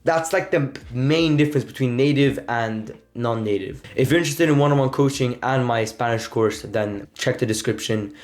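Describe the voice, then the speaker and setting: A man's voice: mid-range voice, normal speed, few pauses. A man giving a casual spoken lesson on pronunciation, explaining loosely with many fillers and acting out vowel sounds. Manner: demonstrates vowels with exaggerated sounds and laughs. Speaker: Spanish teacher.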